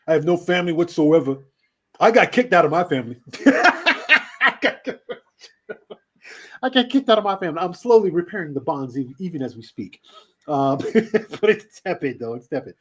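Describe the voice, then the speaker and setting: Animated, laughing man telling stories. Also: fairly high pitch, normal speed, pauses often. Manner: animated, laughing, swearing storyteller. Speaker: radio host being interviewed. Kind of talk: casual storytelling interview.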